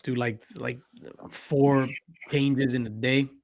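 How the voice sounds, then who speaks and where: A man hosts a relaxed pop culture talk show, easy and slangy. His voice sits in an ordinary middle pitch. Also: slow pace, creaky. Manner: laid-back, slangy, says "yo" and "dude". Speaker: show host. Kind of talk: casual podcast chat.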